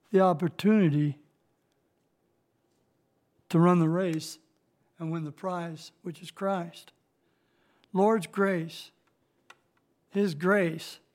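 Middle-aged male Bible teacher, high-pitched voice, plain-spoken and halting, slows for scripture. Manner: reads scripture slowly, rising louder on key verses.

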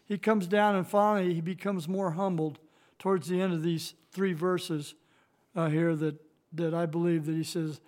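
A man with a rather high voice leads an informal Bible lesson, talking plainly with frequent restarts and fillers. When he reads verses he slows down and lifts his voice. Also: steady tone. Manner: reads scripture slowly, rising louder on key verses. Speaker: Bible study teacher.

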